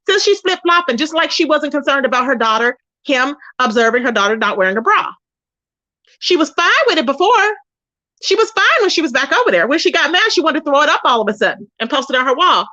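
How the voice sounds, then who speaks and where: Speaking quickly and with lots of animation, this YouTube commentary host has a high, bright, forceful voice. She runs a laid-back gossip livestream, delivering sassy, emphatic takes and often imitating others loudly. The sound is dull and lo-fi.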